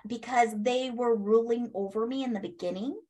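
A woman telling a personal story in a casual interview, animated, acting out what people said and laughing as she goes. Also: on the high side, normal speed. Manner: animated, acts out quoted speech, laughs, swears. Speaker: guest.

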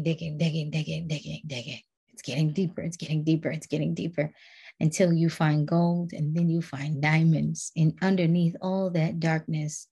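A woman's voice: low voice, dark tone, slightly rough. A woman giving an earnest devotional talk as a religious teacher, repeating words and phrases to build emphasis.

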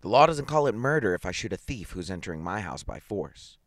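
A man's voice: lowish voice, very animated, a little fast, no echo, studio quality. A man doing a ruthless gloating husband. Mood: cold gloating. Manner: harsh, gloating, chuckling. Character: ruthless vindictive businessman husband.

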